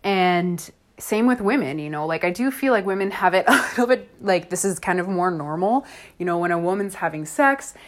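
A woman's voice: lowish voice, animated, normal speed. A woman hosting her own podcast in a casual solo monologue. She talks frankly and chattily, laughs often and fills her sentences with "like" and "you know". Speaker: podcast host.

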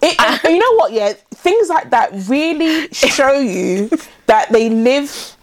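Woman, sarcastic and incredulous, fairly high voice, casual podcast chat. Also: sing-song, takes it slowly. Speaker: podcast co-host.

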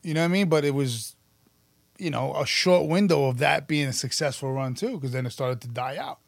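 A man, telling stories about his past in an animated, profane, casual interview. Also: on the high side, fairly quick, creaky, dry recording. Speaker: podcast guest, musician and actor.

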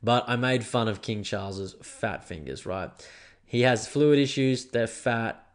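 A man's voice: medium pitch, a little slow. A man hosting a casual solo podcast, rambling and crude, with lots of swearing and self-deprecating asides. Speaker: podcast host.

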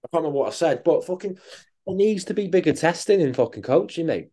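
A man's voice: on the high side, lively intonation, fast, warm tone. A man co-hosting a coaching podcast, ranting bluntly and swearing in casual chat.

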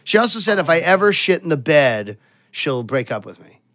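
Crude storyteller guy, laughs through it, bouncy pitch, very dry mic. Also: sing-song, normal speed, a bit bright, dry recording. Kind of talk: casual podcast chat.

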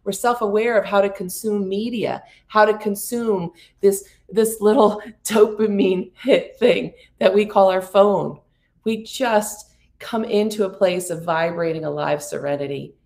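A woman's voice: mid-range voice, measured pace, a little mellow. A middle-aged woman giving a spiritual prosperity coaching talk about astrology, speaking in an earnest, soothing way with playful asides.

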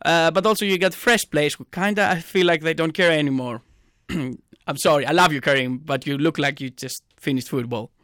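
Brief: excitable male podcast co-host, slightly high voice, ranting, dry close mic. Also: moderate pace, dry recording. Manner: excitable, ranting, bursts into loud exasperated outbursts. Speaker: podcast co-host, football fan. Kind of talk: casual chat.

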